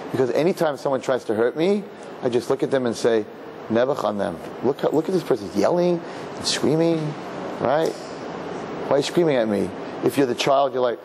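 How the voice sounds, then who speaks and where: A man, a rabbi, giving a lively Torah lecture to an audience, acting out other people and dropping in Yiddish and Hebrew words. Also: brisk, noisy background. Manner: animated, acts out people with high voices, Yiddish and Hebrew words. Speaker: rabbi teaching a class.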